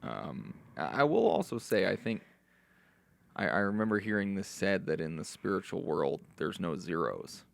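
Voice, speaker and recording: A man guesting on a podcast, giving reflective advice in a relaxed, meandering way with frequent restarts. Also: deep voice, normal speed, gravelly. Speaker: podcast guest, recovery mentor.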